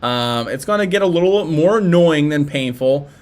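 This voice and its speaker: A young man with a Philadelphia accent and a slightly high, expressive voice hosts a casual livestream chat at a moderate pace. He reads viewer messages aloud and responds in a laid-back, rambling way, full of fillers and restarts.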